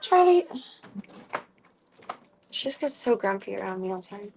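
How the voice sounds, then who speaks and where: A woman streamer chatting casually at home in a rambling, easygoing way. She often drops into soft cooing as she talks to her pets. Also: medium pitch, quick pace, vocal fry, a little hiss or hum. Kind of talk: casual chat.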